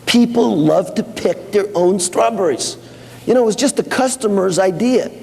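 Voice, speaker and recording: A man's voice: sits high, normal speed, gravelly, a little mellow. A man speaking at a company seminar, telling anecdotes and quoting back-and-forth dialogue in a casual way. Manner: conversational, with fillers and restarts. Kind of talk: anecdotal business talk. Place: seminar hall with audience. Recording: long hall reverb.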